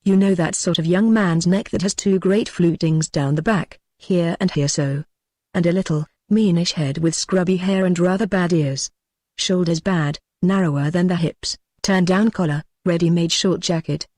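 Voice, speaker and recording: A man reading the part of an earnest gentleman who confides his ghost encounter to friends in an audiobook. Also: sits high, moderate pace, no echo, studio quality.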